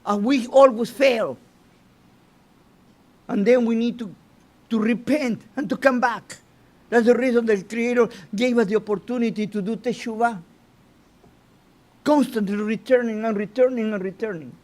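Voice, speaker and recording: A man teaching an informal Torah lesson as a rabbi, halting and restarting his phrases and often asking "you know?". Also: very high-pitched.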